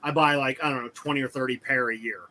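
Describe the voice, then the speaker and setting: Bright-voiced man rambling through an anecdote. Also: medium pitch, steady tone, quick pace. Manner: rambling anecdotes, quotes both sides of a conversation. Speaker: podcast co-host. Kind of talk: casual chat.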